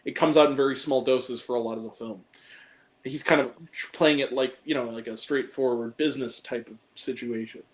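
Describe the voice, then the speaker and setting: A man's voice: mid-range voice, fairly even intonation, a little fast, poor audio. Earnest young man talking about films. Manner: earnest and heartfelt, quotes movie lines. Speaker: podcast host ranking films. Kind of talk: emotional casual film talk.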